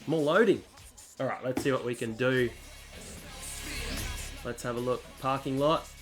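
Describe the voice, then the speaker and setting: A man's voice: mid-range voice, measured pace. Man, casual gameplay commentary, jokey asides, light background music. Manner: chatty, jokey, mock announcer asides. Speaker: gaming channel host.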